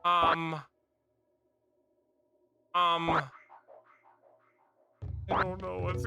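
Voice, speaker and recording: A man's voice: mid-range voice, animated, a little slow, pauses often, pushed and bright. A man giving let's play commentary on a video game, exasperated and swearing often. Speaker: gaming video creator. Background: game music.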